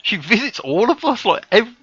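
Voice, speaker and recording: A British man hosting a live stream, chatting casually and bantering with dry, deadpan jokes. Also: high-pitched, normal speed, breathy edge, muffled recording. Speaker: streamer host. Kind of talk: casual chat.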